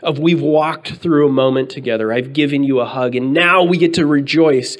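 A man in his thirties preaching earnestly, reading scripture slowly and telling a story about his children. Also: medium pitch. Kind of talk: sermon with personal story.

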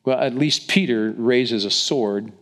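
A man's voice: mid-range voice, a little slow, a bit bright. A man preaching a sermon, retelling the scripture vividly and stumbling over restarts. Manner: storytelling, dramatizes quotes with acted voices; frequent restarts and repetitions.

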